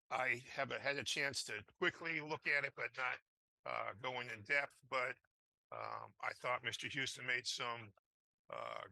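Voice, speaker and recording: A man's voice: mid-range voice, vocal fry, pushed and bright, no echo, low-quality recording. A man presenting a traffic study at a public board meeting, hesitant and full of fillers, and losing his voice. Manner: halting, many fillers and restarts.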